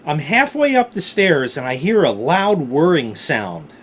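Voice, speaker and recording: A man vlogger telling a personal story in a casual, profane way that grows animated and excited. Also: a little high, measured pace, a little hiss or hum.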